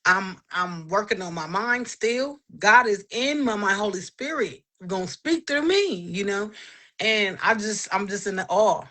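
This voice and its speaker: A woman in her thirties shares a personal faith testimony in relaxed podcast conversation. Her voice is bright and forward, and she tells the story with animation, slipping into the voices of the people she quotes. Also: medium pitch, a little slow. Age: 30s.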